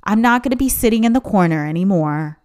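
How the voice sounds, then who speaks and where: A woman hosting her own podcast, talking in an emphatic, animated way and acting out the voices of people she quotes. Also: mid-range voice, quick pace. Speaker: podcast host. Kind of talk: casual solo podcast monologue.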